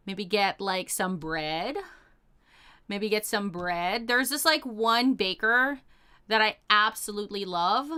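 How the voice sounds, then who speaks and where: A woman's voice: mid-range voice, sharp tone, clear, resonant tone. A young woman casually chatting as she reads out chat messages, bubbly and gushing, full of "like" and "oh my gosh". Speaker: streamer reading chat.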